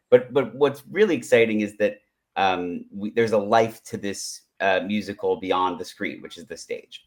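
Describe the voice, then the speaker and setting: Guy a bit low voiced, excited writer talking in an interview, lots of restarts. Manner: eager, rambling with many restarts. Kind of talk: interview conversation.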